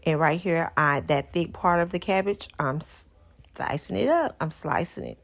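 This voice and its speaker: A woman talks viewers through a home-cooked meal in a low, gravelly voice. Her delivery is chatty and homey, and she repeats key words for emphasis. It sounds like a casual cooking vlog voice-over. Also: very animated, unhurried, a bit bright. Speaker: cooking channel host.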